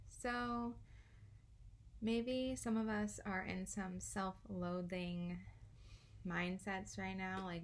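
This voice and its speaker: A woman's voice: mid-range voice, little pitch movement, very slow. A young woman casually reading oracle cards, chatty and giggly, swearing freely. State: out of breath. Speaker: tarot card reader.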